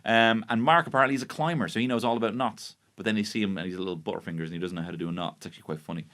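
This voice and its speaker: A man's voice: lowish voice, very fast, a bit bright. A man with an Irish accent hosting a podcast, recapping a baking show in a sarcastic, sweary, mock-outraged monologue. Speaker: podcast host. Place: podcast studio.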